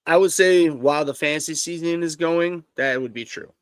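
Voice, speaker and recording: A man's voice: fairly high pitch, clean tone, no room sound. A man co-hosting a live fantasy football show, arguing his points emphatically and swearing, often restarting his sentences. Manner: emphatic, halting, profane. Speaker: co-host.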